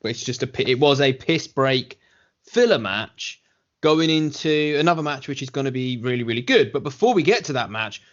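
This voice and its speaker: A man co-hosts a wrestling review podcast, his medium-pitched voice animated and moderately paced as he chats casually, blunt and dismissive with plenty of swearing. The podcast audio is dull and lo-fi.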